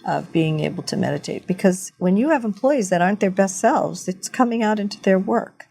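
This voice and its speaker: A woman's voice: mid-range voice, animated, fairly quick, creaky, mellow. A woman who is a farmer and intuitive guide, speaking in an earnest, storytelling way as the guest in a casual interview. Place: farm.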